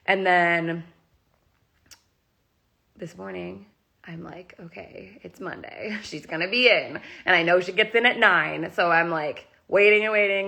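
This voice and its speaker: A woman's voice: fairly low pitch, gravelly, pushed and bright. A woman chatting casually and emotionally on a live stream from her phone, rambling with many "like"s. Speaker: kitten rescuer talking on a live stream.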